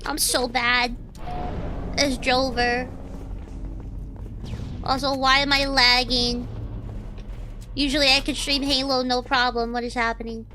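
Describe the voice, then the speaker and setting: A young woman streaming a shooter game, reacting excitably, shrieking and swearing as she plays. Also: high-pitched, measured pace, pauses often, a little hiss or hum. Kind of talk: live gameplay commentary. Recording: loud game gunfire under voice. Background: shooter game sounds and gunfire.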